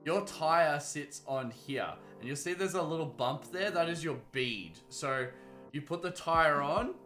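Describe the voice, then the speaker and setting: A man's voice: fairly high pitch, unhurried, bright, forceful tone. A young man chatting casually on a gaming livestream. He rambles, swears freely and reads chat aloud. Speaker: gaming streamer. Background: background music.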